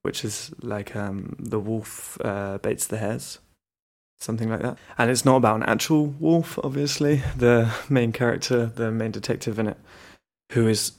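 A man's voice: mid-range voice, fairly even intonation, moderate pace. A man hosting a book podcast, talking in a chatty, enthusiastic, rambling way with frequent restarts. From Britain. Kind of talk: casual monologue.

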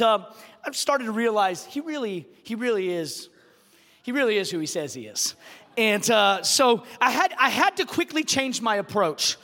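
High bright-voiced preaching pastor, man. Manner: preachy, builds to shouted emphasis, drops to low storytelling. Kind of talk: sermon. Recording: long hall reverb.

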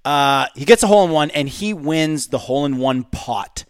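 A man co-hosting a podcast, telling a story in an animated way and swearing at times. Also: on the high side, moderate pace, clean tone, no echo, clean studio sound. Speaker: podcast co-host. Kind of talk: casual storytelling.

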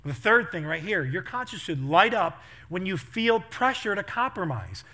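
A middle-aged pastor with a high voice and moderate pace tells funny stories during a sermon. He's animated, laughing as he acts out what people said.

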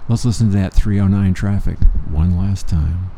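A man's voice: low voice, moderate pace, dark tone. A man co-hosting a casual podcast, joking and crude, teasing his partner. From Pennsylvania, USA. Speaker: podcast co-host. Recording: faint background noise.

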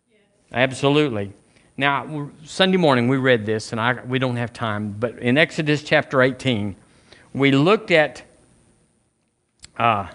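A pastor with a mid-range, fairly bright voice preaches a sermon conversationally. He asks the congregation questions and often restarts and repeats phrases.

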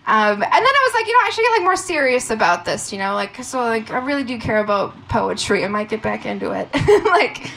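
A woman in her thirties performing a brash stand-up comedy set on a club stage, swinging up into loud shouts. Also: a little high, big pitch swings, fairly quick, vocal fry, hardly any pauses. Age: 30s. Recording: noisy live club recording. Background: crowd laughter and room noise.

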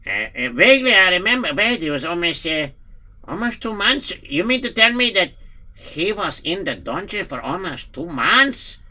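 A man's voice: high voice, very animated, moderate pace, pushed and bright, heavily acted. Man playing a fretful Yiddish-accented innkeeper. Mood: shocked. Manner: anxious, frets aloud with many stammered fillers. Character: worried male village innkeeper, nervous and fretful. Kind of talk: amateur radio-play acting.

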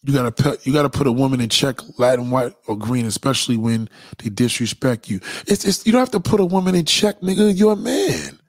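A man's voice: medium pitch, lively intonation, fairly quick, few pauses, no echo, studio quality. A man hosting a blunt, profane ranting monologue to his viewers. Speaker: host.

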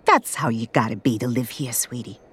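A woman's voice: rumbling low, fairly quick, a bit bright, husky, voice pushed down, exaggerated voice. A woman reading an audiobook voices a foul-mouthed older New York woman who talks in a blunt, crude, comforting way. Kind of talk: audiobook character voice.

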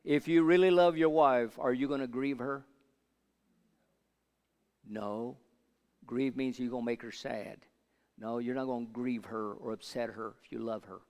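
An older man preaching a sermon, moving from quiet Bible teaching to loud call-and-response with the congregation. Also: medium pitch, a little slow, pauses often. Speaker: pastor. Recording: long hall reverb.

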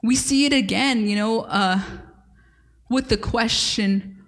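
Woman pastor, emphatic repetitive sermon delivery, higher voice, reverberant church hall. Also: slow pace. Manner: earnest, emphatic preaching with repeated phrases. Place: church service.

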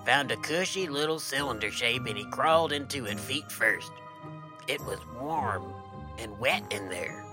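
A man co-hosting a comedy podcast, telling a campfire tale with a folksy, deadpan drawl. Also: mid-range voice. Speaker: podcast co-host and storyteller.

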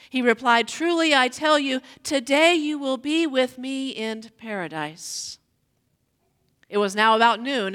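A woman's voice: high-pitched, fairly bright tone. Woman reading scripture in a reverberant church. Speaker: scripture reader.

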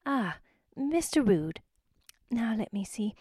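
A gentle mother goat from a storybook, harassed and close to wailing, her voice pushed up high with worry, as a woman puts her on. The sound is dry and close to the mic. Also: very animated, slow pace, slightly rough, no echo, heavily acted. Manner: desperate, wailing. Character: flustered, kind mother goat, female. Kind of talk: storybook reading.

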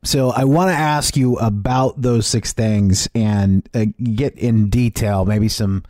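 A man's voice: fairly low pitch, takes it slowly, a little mellow, dry recording. A male radio host with a mid-range voice, recorded close and dry in the studio. He asks questions in a folksy way, teasing as a devil's advocate and laughing along with his guest. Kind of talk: radio interview hosting.

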